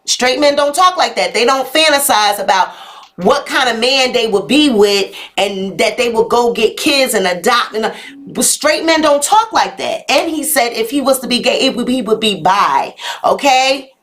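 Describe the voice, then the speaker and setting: A YouTube live show host leads a gossip commentary stream, sassily reacting to what viewers write and addressing them as "honey" and "y'all." Her voice is a little high and a bit bright, expressive, and delivered at a moderate pace.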